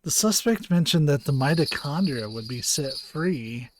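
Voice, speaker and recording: Give me a man playing a calm young female cop, level and plain. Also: on the high side, measured pace, no echo. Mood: businesslike.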